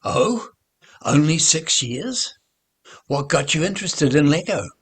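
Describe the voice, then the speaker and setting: An eager, curious little boy from a storybook, as a man reads him. The voice is pushed high and loud, with a breathy, husky edge. He sounds excited. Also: moderate pace.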